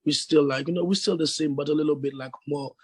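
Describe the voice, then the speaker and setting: Deep-voiced young man with a foreign accent. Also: quick pace, slightly rough, no echo. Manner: rambling, relaxed, many fillers like "you know". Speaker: guest musician. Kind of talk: casual interview.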